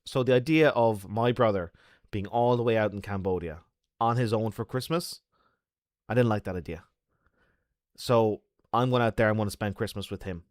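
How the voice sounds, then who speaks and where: A man's voice: fairly low pitch, moderate pace, a little mellow, dry recording, studio quality. An Irish man chatting casually with his stream viewers, talkative and rambling. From Ireland.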